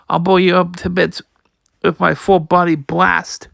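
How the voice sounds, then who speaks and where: A man reads a manga aloud in a high, gravelly, sharp-toned voice, keeping a measured pace and fairly even intonation. He voices every part and the sound effects, often stumbling and repeating words. The recording is studio quality with no room sound.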